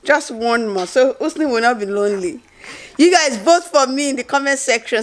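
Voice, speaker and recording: Mom vlogger, thirties, chatty to camera, a bit high. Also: female voice, normal speed. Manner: chatty, talks to viewers directly. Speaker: family vlogger, mother. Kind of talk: casual family vlog.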